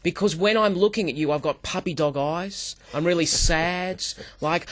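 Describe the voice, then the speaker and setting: A man, a sales trainer appearing as a guest, who tells stories in an animated way, acts out dialogue and keeps addressing the host by name. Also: high voice, normal speed, hardly any pauses. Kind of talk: animated interview talk.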